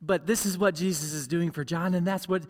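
A man's voice: high voice, steady tone, brisk. Earnest male pastor in a reverberant church. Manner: earnest, repeats key phrases for emphasis. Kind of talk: sermon. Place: large church sanctuary.

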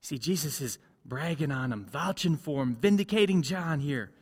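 A male pastor delivers an earnest sermon in a somewhat higher voice. He drives his points home by repeating key phrases. The voice rings out with a long church reverb. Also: animated, normal speed, darkish tone, husky. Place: large church sanctuary.

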